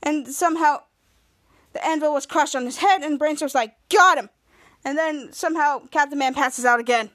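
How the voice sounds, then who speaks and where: A woman's voice: high-pitched, moderate pace. A woman hosting a podcast, rambling through a recap of a TV episode and quoting the characters' lines with small voice changes. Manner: rambling retelling, quoting characters with small voice shifts and bits of sung melody. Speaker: podcast host.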